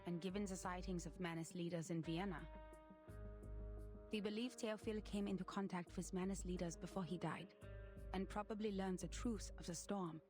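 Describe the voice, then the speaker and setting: A composed, businesslike game agent, voiced by a woman with a lowish voice. She briefs in a calm, measured way, with clear game music underneath. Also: natural voice.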